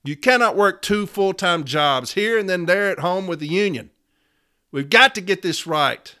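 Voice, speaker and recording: A man's voice: high voice, lively intonation, normal speed, bright, forceful tone. A man giving a fervent, profane speech to fellow union members, telling his own story and pleading with them. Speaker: union speaker.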